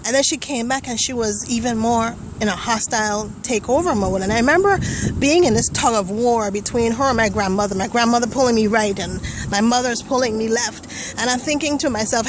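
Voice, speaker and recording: A woman's voice: a little high, expressive, brisk, background noise. A young woman giving a personal testimonial, telling her story vividly and acting out the voices and thoughts she remembers. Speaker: testimonial speaker.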